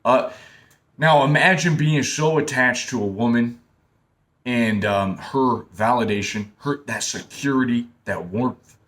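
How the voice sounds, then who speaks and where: A man's voice: mid-range voice, a little slow, fairly bright tone. Young male talker, casual and blunt, preachy, repeats points, mid-range voice. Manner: blunt, preachy, repeats himself, calls listener man and bro. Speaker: self-help talker. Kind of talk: casual direct-to-camera advice talk.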